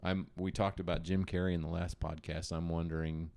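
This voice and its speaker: Deep-voiced father chatting about films. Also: a little fast, creaky. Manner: jokey, self-deprecating, relaxed. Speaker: podcast co-host, father. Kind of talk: casual chat.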